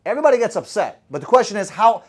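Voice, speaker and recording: A man with a high voice gives a motivational sales talk to a room of listeners. He talks fast, swears freely and keeps throwing rhetorical questions at the crowd. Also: very animated, a little mellow. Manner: blunt and profane, firing rhetorical questions at the audience. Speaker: sales coach. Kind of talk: motivational talk to a live group.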